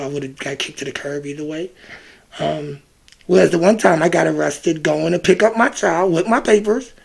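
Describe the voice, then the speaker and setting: Man, Ohio, casual vlog storyteller; high, raspy, heavy fry; animated, reenacts conversations. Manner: animated, reenacts exchanges, scat fillers like "da, da, da". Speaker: vlogger.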